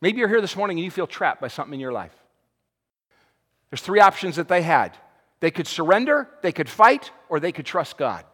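A male pastor delivers an impassioned sermon in a high, ringing voice. He builds to loud cries, then drops to a hushed near-murmur. The sound carries a long reverb from a large church sanctuary. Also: very animated, fairly quick, slightly rough. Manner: impassioned, swings from shouting to hushed.

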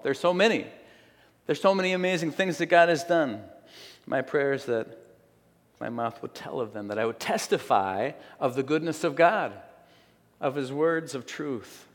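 A man giving a sermon, telling a story aloud in an earnest, slow, emphatic way. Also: mid-range voice. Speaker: preacher. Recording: long hall reverb.

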